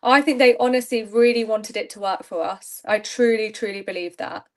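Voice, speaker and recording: Young adult woman, candid and chatty interview guest; slightly high pitch. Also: moderate pace, darkish tone. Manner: chatty, candid, laughs often. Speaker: reality show contestant guest. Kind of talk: casual interview chat.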